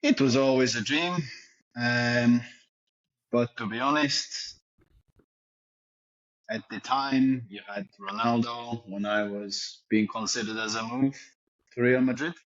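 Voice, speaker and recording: A man's voice: mid-range voice, slow, long pauses, fairly bright tone, muffled recording. A man voicing a boastful fake French football star, with a put-on French accent that slips into Yorkshire and a pompous, crude manner. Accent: put-on French accent slipping into Yorkshire. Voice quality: pompous, crude, self-satisfied bragging. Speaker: podcast co-host doing an impression.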